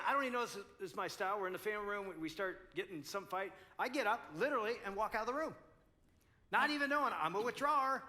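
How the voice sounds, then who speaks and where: A man's voice: sits high, bright, forceful tone. A man in his sixties telling a self-mocking story about marriage conflict to a live conference audience, with lots of animation. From United States. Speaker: conference speaker.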